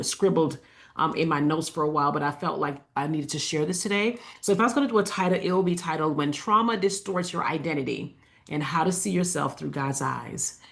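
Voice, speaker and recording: A woman with a somewhat low voice gives a casual faith coaching talk straight to her viewers. She keeps it conversational, with fillers and asides, and slows down to repeat her key lines. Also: vocal fry. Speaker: faith-based life coach. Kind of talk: casual inspirational talk to camera.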